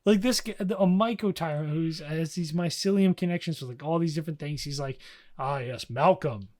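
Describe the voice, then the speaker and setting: A young man co-hosting a podcast, recapping a story in a casual, slangy way and slipping into quick character voices. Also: fairly high pitch, warm tone. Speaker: podcast co-host.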